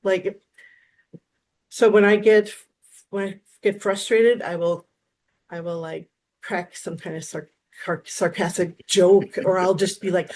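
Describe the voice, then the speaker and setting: Woman in her fifties from Wisconsin, interview guest, animated storyteller, faint noise behind. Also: lowish voice, measured pace, long pauses. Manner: animated storyteller, acts out quotes. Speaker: guest, therapist. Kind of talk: casual interview chat.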